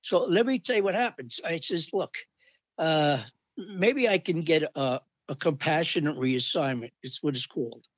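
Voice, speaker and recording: An older man rambles through old army stories and animatedly acts out the people he quotes. His voice sits a touch high. The recording is dull and dry. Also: normal speed, dry recording. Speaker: storyteller recalling army days. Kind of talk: casual anecdote.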